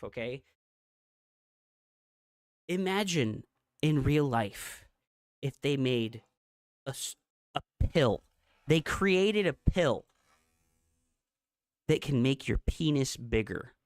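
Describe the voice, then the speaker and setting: Profane ranting woman streamer, slow and dry. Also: low voice, no room sound. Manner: mocking, repetitive. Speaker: game streamer. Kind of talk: livestream rant.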